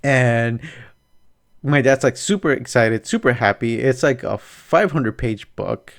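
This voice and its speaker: Profane, animated man telling stories. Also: mid-range voice, a little slow, vocal fry. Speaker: podcast host. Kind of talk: casual podcast chat.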